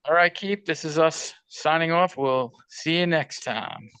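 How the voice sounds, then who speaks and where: A man's voice: on the high side, measured pace, a bit bright, clear, resonant tone, no echo. A man hosting a casual sports betting podcast, bantering and joking crudely with his co-host.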